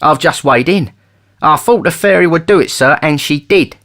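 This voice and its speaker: A man voicing a little jockey, eager and deferential, talking briskly in a raised voice. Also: fairly high pitch, a bit bright, voice pushed up. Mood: cheerful. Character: little grinning male jockey, cheerful and deferential.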